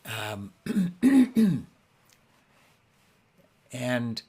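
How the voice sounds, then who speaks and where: A man hosting his weekly concert, talking softly and haltingly between songs, with many restarts. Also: medium pitch, huge pitch swings, breathy edge. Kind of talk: casual spoken introduction between songs. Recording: guitar playing along in the background.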